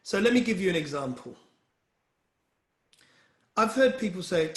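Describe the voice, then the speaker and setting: A man's voice: sits high, animated, measured pace, long pauses, roomy sound. A man leading a wellbeing session, giving a motivational talk in an earnest, encouraging way and speaking directly to his listeners.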